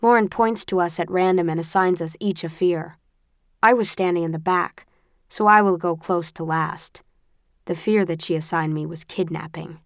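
A woman narrating a first-person audiobook with a tense, expressive storytelling manner. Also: lowish voice, normal speed, no room sound, studio quality.

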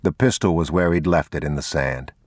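A male narrator reading a novel aloud with a very deep, low voice and a measured, even pace. The recording is close and completely dry, with no room sound around it. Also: dry recording. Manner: measured, unhurried, even delivery. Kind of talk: scripted audiobook narration.

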